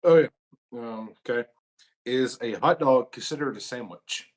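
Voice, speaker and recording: Man tossing quick offbeat questions. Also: medium pitch. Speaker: podcast co-host. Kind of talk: casual interview.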